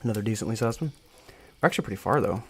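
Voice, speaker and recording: A man's voice: fairly low pitch, lively intonation, racing, a little hiss or hum. A young man with a dry throat reading a story aloud on a live stream, chatty and joking between passages. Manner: casual, joking, chatty asides.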